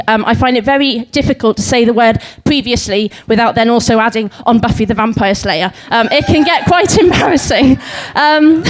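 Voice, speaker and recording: A woman's voice: on the high side, low-quality recording. Giggly young woman reciting limericks. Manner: giggly, many ums, self-deprecating. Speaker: speaker at a live talk event. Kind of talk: comic talk reciting limericks. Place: pub venue before a live audience.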